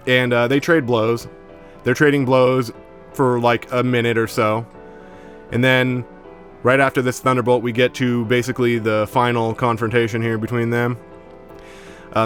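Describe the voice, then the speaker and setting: A man's voice: mid-range voice, fairly bright tone. A man giving a casual, slangy episode recap as an anime reviewer, with profanity and lots of fillers.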